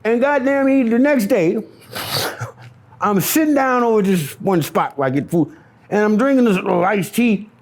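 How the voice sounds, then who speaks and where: A man telling his own story in an interview, raw and profane, dropping to hushed near-whispers and then rising into animated storytelling. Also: sits high, moderate pace. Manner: profane and repetitive, restarting phrases. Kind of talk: confessional interview monologue.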